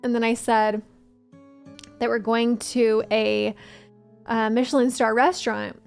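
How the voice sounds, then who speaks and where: Chatty woman streamer, higher voice. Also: flat delivery, a little slow, gravelly, a little mellow, clear, resonant tone, faint music behind. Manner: chatty storytelling, laughs often. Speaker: gaming streamer. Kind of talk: casual live-stream chat.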